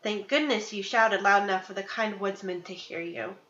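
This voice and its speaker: A woman's voice: mid-range voice, normal speed, a bit bright, echoey room, muffled recording, a little hiss or hum, natural voice. A woman voicing a kindly, fussing old grandmother in a doting storybook voice.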